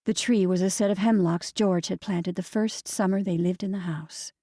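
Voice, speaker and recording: A woman reading a novel aloud at a middling pitch, gentle and measured. Her voice is recorded close and dry, with no room sound. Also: steady tone, no echo. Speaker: audiobook narrator. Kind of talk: scripted narration.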